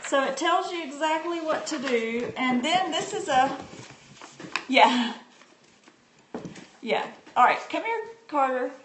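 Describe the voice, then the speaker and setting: A woman's voice: high-pitched, animated, slow pace, long pauses. A homeschooling mother demonstrating a reading book on a casual live stream, chatting and answering viewers' comments with plenty of fillers. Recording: echoey room with faint background noise.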